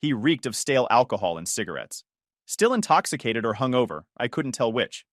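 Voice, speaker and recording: Male narrator, measured delivery, animated intonation, dead-dry read. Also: mid-range voice, no room sound. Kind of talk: first-person story narration.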